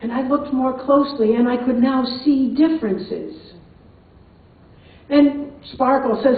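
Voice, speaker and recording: A woman's voice: sits high, unhurried. An older woman telling a personal story to a live audience, chatty and amused, often laughing. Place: performance hall. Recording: tinny, echoey hall, far from mic.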